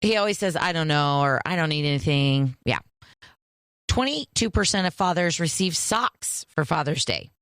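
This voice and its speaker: A woman co-hosts a relaxed chat show, sharing bits of news in a dry, understated way. Her voice sits a little low for a woman. The sound is close and dead, with no echo. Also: normal speed. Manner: dry, matter-of-fact, understated. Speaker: podcast co-host. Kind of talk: casual chat.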